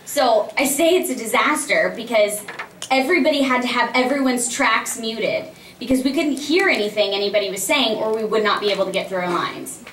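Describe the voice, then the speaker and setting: A woman's voice: fairly high pitch, a little fast. A woman voice actress answering audience questions on a convention panel, animatedly acting out stories and laughing often. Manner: animated storyteller who acts out quoted exchanges and laughs often. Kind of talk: casual audience Q&A. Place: large convention panel room. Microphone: filmed from the audience by a distant camera. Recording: echoey hall recorded from far off with faint hum.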